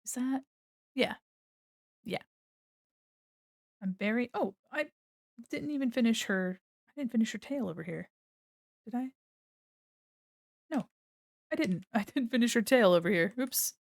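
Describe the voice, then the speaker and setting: A woman's voice: on the high side, animated, measured pace, gravelly, pauses often, dry recording, clean studio sound. Giggly playful woman streamer. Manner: giggly and playful, laughs often, talks to chat. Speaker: art streamer. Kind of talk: casual commentary while drawing.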